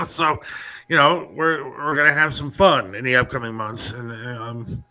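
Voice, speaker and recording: A middle-aged man hosting a podcast, telling rambling, animated stories in casual chat. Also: medium pitch, low-quality recording. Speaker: podcast host.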